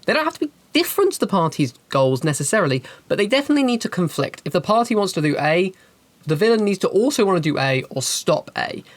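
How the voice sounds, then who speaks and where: A woman hosting a channel, giving game master advice in an animated, chatty and emphatic way. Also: on the low side, fast, no room sound. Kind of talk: casual advice talk and storytelling.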